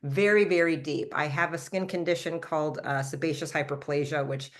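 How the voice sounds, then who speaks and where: A woman in her fifties, a product formulator who promotes her own brand, shares her skincare story on a live call as a testimonial. She's animated and fast-talking, often jumping to a higher pitch to act out her own lines from past conversations.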